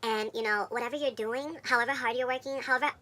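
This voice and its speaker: A man voicing a frazzled old woman who begs and flatters in a breathy, fawning way. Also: very high-pitched, fast talker, voice pushed up. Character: pleading frazzled old woman begging for a cigarette.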